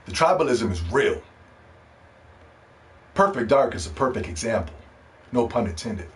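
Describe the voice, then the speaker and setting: A man's voice: medium pitch, moderate pace. A man hosting a podcast, telling stories in a casual monologue and acting out other people's reactions with slang. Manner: animated storytelling, mimics other people in slang. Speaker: podcast host.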